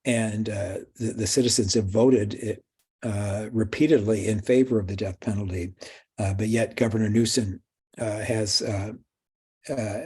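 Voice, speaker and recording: A man giving a recorded law lecture, halting often with fillers and restarts. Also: on the low side, steady tone, dark tone, breathy edge.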